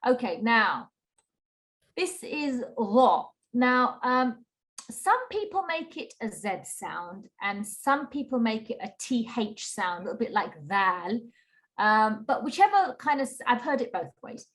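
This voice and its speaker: A woman teaching a Qur'an recitation class over a video call, patient and encouraging, slowly modelling sounds for students to repeat. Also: a little high, sing-song, fairly bright tone.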